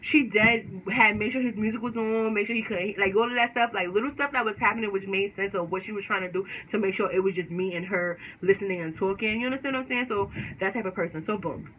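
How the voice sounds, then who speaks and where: Bright-voiced woman telling a story. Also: medium pitch, quick pace, few pauses, slight background noise, poor audio. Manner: slangy, animated, talks straight to viewers. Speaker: storytime vlogger. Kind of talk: casual storytelling to camera.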